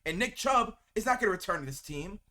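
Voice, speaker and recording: Man, angry sports fan rant, high pitch, bright sharp tone, heated, repeats himself. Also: expressive, fast. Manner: heated, venting, repeats words when upset. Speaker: sports video creator.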